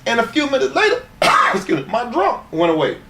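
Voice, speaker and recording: Brief: male interview guest, higher voice, crude rambling stories, echoey room. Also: huge pitch swings, a little fast, background noise. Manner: crude, rambling, laughs through his stories. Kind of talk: profane shoot-interview storytelling.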